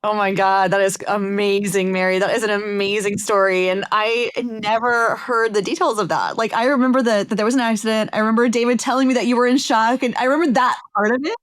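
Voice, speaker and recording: A woman's voice: mid-range voice, steady tone, a little fast, hardly any pauses, no echo, studio quality. A woman hosting a podcast interview, reacting with enthusiasm. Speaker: podcast host. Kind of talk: casual interview.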